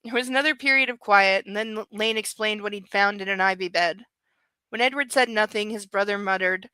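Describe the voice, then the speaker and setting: Bright, crisp woman reading a novel aloud. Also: mid-range voice, brisk, no echo, poor audio. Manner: casual, chatty asides between passages. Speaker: book club reader.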